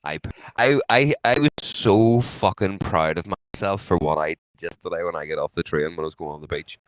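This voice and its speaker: A Northern Irish man co-hosting a podcast, telling stories in sweary, animated casual chat. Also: low voice, fairly quick, no echo. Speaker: podcast co-host.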